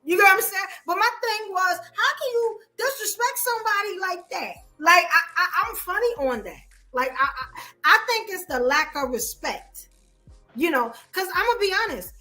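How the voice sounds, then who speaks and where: A woman's voice: extremely high pitch, normal speed, soft background music. A woman from Brooklyn with a New York accent, emphatically telling stories on a casual podcast. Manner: animated, emphatic storytelling. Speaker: podcast co-host.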